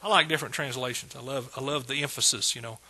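A man's voice: mid-range voice, steady tone, fast talker, sharp tone, husky. A middle-aged man preaching a sermon with exuberant energy, repeating phrases and calling out praise. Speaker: pastor.

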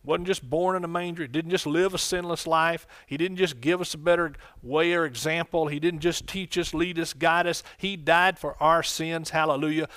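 Male pastor, fiery sermon, higher voice, exuberant outbursts. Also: steady tone, normal speed, hardly any pauses. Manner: exuberant, bursts of shouted exclamations.

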